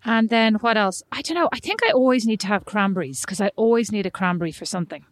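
A woman's voice: mid-range voice, quick pace, no echo. Dry-sounding emphatic Irish woman co-host. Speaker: podcast co-host. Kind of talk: casual chat. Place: home in the United States.

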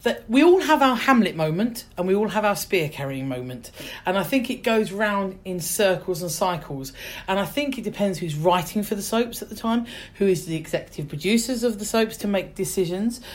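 A middle-aged woman, an actress telling stories in a casual interview. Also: medium pitch. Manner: chatty storyteller, many restarts. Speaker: actress guest.

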